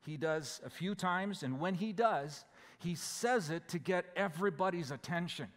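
A man preaching in a church, walking through scripture verse by verse in a plain, conversational way. His voice sits a little high for a man, and the sound trails off in the long reverb of the sanctuary. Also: moderate pace, a bit bright. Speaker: pastor. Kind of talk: sermon.

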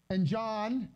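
A man giving a conversational Bible teaching with slides, reading scripture slowly and explaining it in loose, chatty asides. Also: high voice, a little mellow, rough recording. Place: gathering hall during a live-streamed event.

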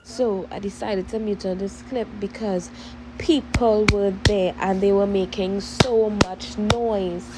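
A woman's voice: medium pitch, fairly even intonation, takes it slowly, background noise. A young woman from Trinidad with a Trinidadian accent, chatting casually and rambling to her viewers as a vlogger. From Trinidad and Tobago. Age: young adult.

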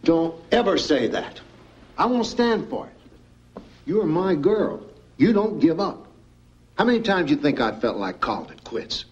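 A man's voice: on the low side, lively intonation, a little slow, husky, lo-fi sound. An actor playing an older, blunt and doting Texas oilman father, folksy and scornful. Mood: doting, stubborn. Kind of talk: TV film drama acting.

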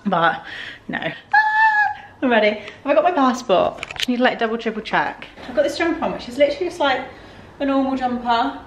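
A woman's voice: fairly high pitch, animated, quick pace, slight background noise. Chatty woman vlogging at home. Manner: chatty, rambling, full of "like" fillers. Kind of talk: casual to-camera vlog. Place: at home indoors.

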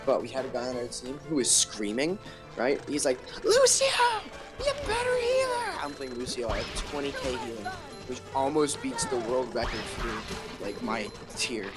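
A man telling gaming stories to a friend, animated and swearing freely. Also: mid-range voice, moderate pace, over loud music. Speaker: friend joining the stream. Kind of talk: casual gaming chat.

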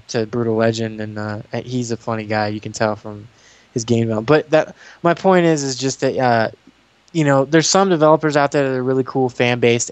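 A man and YouTuber, chatting in an interview and telling long, animated stories full of restarts. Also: medium pitch, no room sound. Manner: rambling, animated storytelling with restarts. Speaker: guest YouTuber. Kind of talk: casual interview chat.

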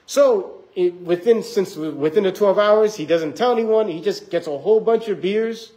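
Casual young man preaching, higher voice. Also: warm tone, poor audio. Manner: rambling, conversational, acts out quoted voices. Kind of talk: casual sermon with scripture reading. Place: church.

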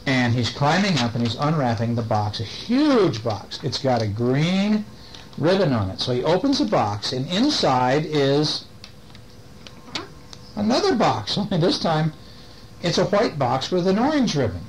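A man's voice: on the high side, big pitch swings, unhurried, a little hiss or hum, poor audio. An older man at home reading a picture book aloud to children, with playful questions to the kids. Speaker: storyteller.

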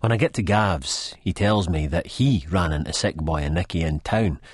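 A man's voice: low-pitched, moderate pace, breathy edge, no room sound, studio quality. A man with a Scottish accent reading a first-person audiobook in a blunt, sweary, broad dialect. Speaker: audiobook narrator.

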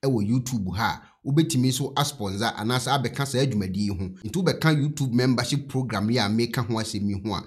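A Ghanaian man with a Ghanaian accent addresses his viewers as channel host. His voice is husky and sits at a middle pitch. He explains things plainly, one step at a time. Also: fairly quick, few pauses.

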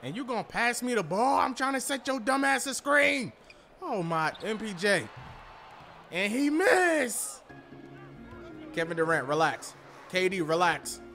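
Loud, excitable young-sounding gaming streamer man. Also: high voice, unhurried, pauses often, soft background music. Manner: loud, excitable, trash-talking, swings from mumbling to yelling. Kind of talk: casual gameplay commentary.

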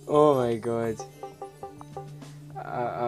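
A man's voice: mid-range voice, very slow, long pauses, over music. Rambling Scottish man, gameplay chatter. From Scotland. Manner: rambling and self-mocking, laughs often, swears freely. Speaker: let's play host. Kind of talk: casual gameplay commentary.

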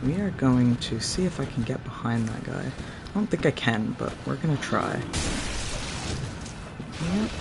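Animated, cursing man streaming a game. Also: medium pitch, measured pace, gravelly, long pauses, over loud music. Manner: swearing outbursts, talks to animals in game. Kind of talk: live gameplay commentary.

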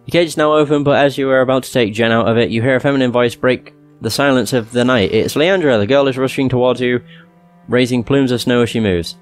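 A man hosts a let's play, reading the story text of a fantasy game aloud and breaking off for chatty, amused comments. His voice sits in the middle range, and soft game music plays underneath. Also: medium pitch, fast talker. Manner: chatty, amused asides between read passages. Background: faint game music.

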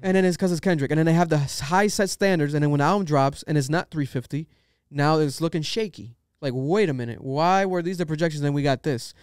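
Brief: young male podcast host, opinionated rambling rants, smooth clear voice, dry close sound. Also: fairly high pitch, quick pace, few pauses, no room sound. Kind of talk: casual podcast chat.

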